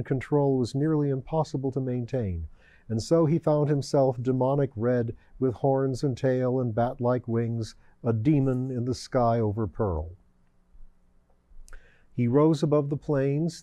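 A man narrating a story in a measured, even reading voice on a close microphone. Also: mid-range voice, dry recording.

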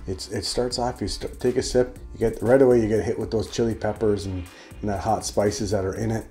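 Low, mellow man reviewing beer. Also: fairly even intonation, brisk, soft background music. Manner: rambling, chatty, with restarts. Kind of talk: casual solo beer review.

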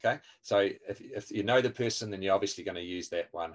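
Low-voiced man teaching a webinar. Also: quick pace, few pauses. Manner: explains step by step, quizzes his audience and answers questions. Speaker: evangelism trainer.

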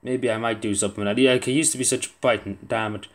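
A man's voice: on the low side, fairly even intonation, quick pace. Muttering young man playing a quiz. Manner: muttering, self-deprecating, swearing under his breath. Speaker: gaming video creator. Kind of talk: casual gameplay commentary.

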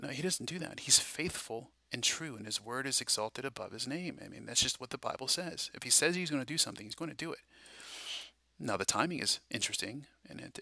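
Excitable bright-voiced man preaching casually. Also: mid-range voice, vocal fry, dry recording. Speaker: Christian prophecy video host. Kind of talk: casual monologue.

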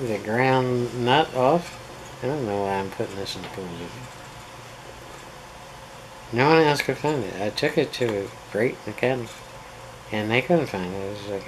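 Rambling low-voiced man, air-con hum. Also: low-quality recording. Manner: rambling, wry, self-mocking. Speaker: pool instructor. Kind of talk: casual rambling vlog. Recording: air-conditioner hum behind.

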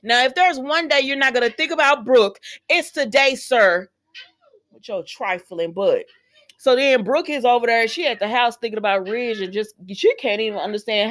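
A woman hosting a casual soap opera recap, chatty, retelling scenes with quick quoted voices and sassy asides. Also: on the high side, a bit bright.

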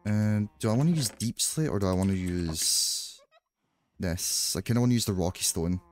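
A livestreamer from Scotland with a Glaswegian accent chats casually and jokes with viewers while playing a game, rambling with frequent restarts. His voice is on the low side and expressive, at a moderate pace.

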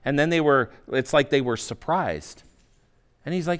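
At church, a pastor in his forties tells a personal story during a sermon, speaking at normal speed in a medium-pitched voice. He acts out his own inner voice, swinging from quiet asides to loud outbursts.

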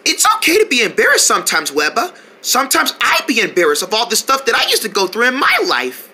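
Casting: a woman doing a gentle friend in a kids' cartoon, lower than her other voices, husky and soothing. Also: very animated, quick pace, full character voice. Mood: reassuring.

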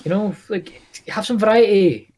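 A man's voice: high voice, moderate pace, warm tone. A Scottish man co-hosting a podcast in casual chat, rambling with many fillers and restarts. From Scotland. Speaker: podcast co-host.

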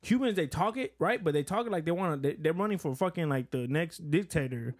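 A man co-hosting a casual podcast chat, telling animated stories, swearing freely and acting out what people said. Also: fairly high pitch, a little fast. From Caribbean Latino family, grew up in the US. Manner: animated storyteller, swears freely, acts out quoted voices. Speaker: podcast co-host.

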